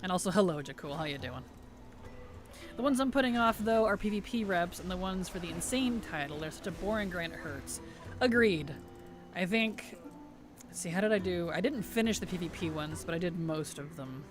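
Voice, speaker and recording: A man's voice: high voice, lively intonation, normal speed. A man chatting casually on a game live stream, answering viewer chat with easy laughs. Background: background music.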